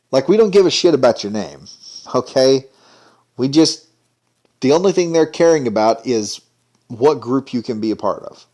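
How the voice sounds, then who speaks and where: A man's voice: medium pitch, lively intonation, normal speed, long pauses, darkish tone. A man giving an indignant, sarcastic ranting commentary. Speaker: commentary vlogger.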